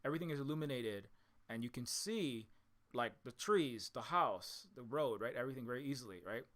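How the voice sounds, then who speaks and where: A man's voice: mid-range voice, lively intonation, a little fast, a bit bright. A man from Hawaii giving a rambling solo commentary, repeating himself and checking in with "right?" after each point. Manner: repetitive, restarts often, ends points with "right?". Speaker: indie game developer talking to his audience.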